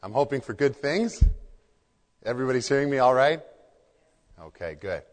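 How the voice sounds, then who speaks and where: Pastor preaching in an echoing hall. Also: male voice, mid-range voice, animated, normal speed. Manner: earnest, repeats phrases for emphasis. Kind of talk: sermon. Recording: long hall reverb.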